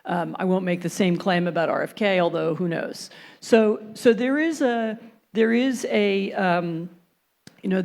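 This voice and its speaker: A woman's voice: medium pitch, darkish tone. A woman speaking on a conference panel, thoughtful and hesitant at first, then building a fluent argument. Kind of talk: panel discussion.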